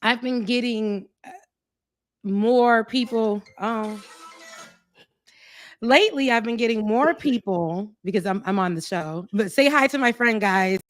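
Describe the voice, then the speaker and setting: A woman's voice: a little high, measured pace, pauses often, no echo. A woman co-host telling stories in casual chat, with laughs and quoted voices. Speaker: show co-host.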